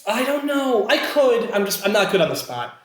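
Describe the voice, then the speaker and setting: A man's voice: high-pitched, big pitch swings, moderate pace. A man from Pennsylvania, a podcast guest and actor, telling a story casually with lots of fillers and self-deprecating asides. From Scranton, Pennsylvania, USA. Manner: chatty and self-deprecating, many fillers and restarts. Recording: roomy, echoey sound.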